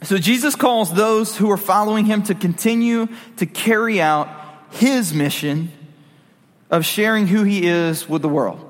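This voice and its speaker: High-voiced casual preacher in a reverberant hall. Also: male voice, measured pace. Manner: conversational, jokey asides to the audience. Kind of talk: casual sermon.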